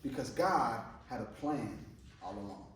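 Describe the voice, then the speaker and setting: A man's voice: mid-range voice, lively intonation, measured pace, a little hiss or hum. A man preaching as a junior pastor in a conversational, slangy way, often repeating his words. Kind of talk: sermon. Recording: echoey room from far off.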